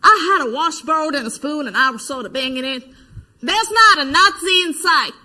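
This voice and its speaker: Brief: an actress as a female protester witness, high voice, vivid stage retelling that acts out quoted voices. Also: animated, normal speed, sharp tone, full character voice. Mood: recounting. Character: adult female protester giving eyewitness testimony. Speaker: stage actor. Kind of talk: verbatim theater monologue.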